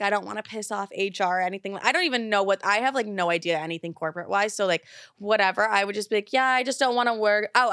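A woman's voice: mid-range voice, fairly bright tone, no room sound, clean studio sound. Blunt, profane young woman podcaster. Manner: blunt, profane, rambling with many fillers. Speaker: podcast host. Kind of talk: casual advice podcast.

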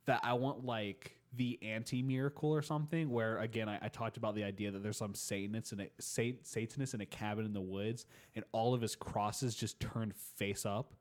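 A man's voice: fairly low pitch, steady tone. Young male co-host, loose profane banter, acts out bits. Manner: profane, rambling, acts out quick voices. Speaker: podcast co-host. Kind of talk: casual comedic chat.

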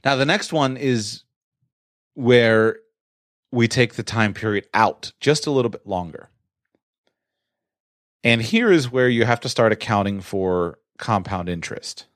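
A man's voice: unhurried, pauses often, no echo, studio quality. A man giving a conversational talk on personal finance, sometimes acting out his own surprised inner voice. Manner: conversational, acts out mock-shocked self-talk with rising pitch. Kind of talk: explanatory solo talk.

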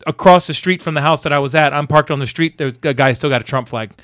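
A man telling a story about his workday in casual chat, animated and acting out the people he met. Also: fairly high pitch, fast, dry recording, studio quality. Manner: animated, acts out angry shouting in quotes.

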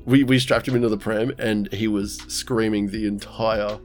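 A man's voice: fairly low pitch, moderate pace, soft background music. A man, co-hosting a podcast and telling a story with lots of swearing and laughter. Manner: animated storyteller, swears a lot, laughs often. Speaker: podcast co-host. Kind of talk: casual chat.

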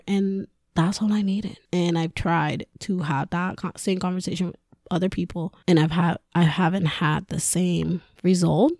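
A woman with a low, dark, mellow voice talks through a frank personal rant on her podcast. She swears freely and laughs between thoughts, and a gravelly fry runs through her speech. The sound is close and dry, with no room echo. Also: steady tone, normal speed. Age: adult with a school-age daughter. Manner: candid and profane, laughs often. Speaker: podcast host.

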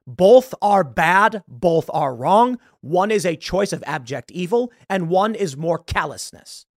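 Guy doing a political commentary monologue, lively swings in pitch, emphatic, keeps throwing questions at viewers, dry sound. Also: no room sound.

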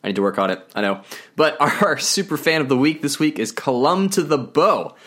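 A man's voice: a little high, lively intonation, a little fast, a bit bright. Upbeat chatty man hosting a podcast. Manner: upbeat, chatty, laughs easily. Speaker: podcast host and Bible teacher. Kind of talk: casual podcast talk.

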